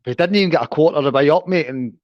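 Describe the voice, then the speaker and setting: A man's voice: fairly high pitch, very fast, dry recording, dull audio. A man in his thirties chatting casually on a livestream, swearing and calling everyone mate. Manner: swearing, says "mate" constantly. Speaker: livestream co-host.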